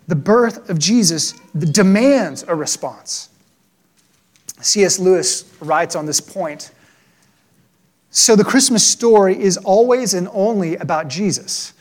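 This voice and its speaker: A man preaching a sermon, earnest and conversational, often tagging "right?" onto his points and slowing to a hushed tone on solemn lines. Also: high-pitched. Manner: drops to a hushed, slow delivery on solemn points. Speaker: pastor.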